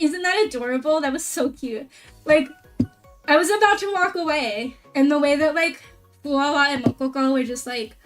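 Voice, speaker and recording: A woman VTuber streamer chatting casually, excitable and rambling, with a lot of "like" fillers. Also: sits high, recorded from a distance. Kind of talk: casual stream chat recap.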